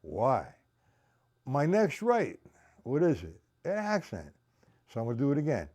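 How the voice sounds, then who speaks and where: A drum teacher runs a live-streamed lesson, counting every beat aloud and breaking it down step by step while bluntly checking whether viewers follow. His voice ranges lively in pitch, and he speaks unhurriedly with frequent pauses.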